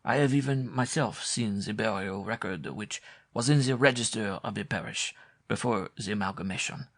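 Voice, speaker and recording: A man voicing a wary, superstitious middle-aged countryman who speaks gravely and haltingly. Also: on the low side, a bit bright.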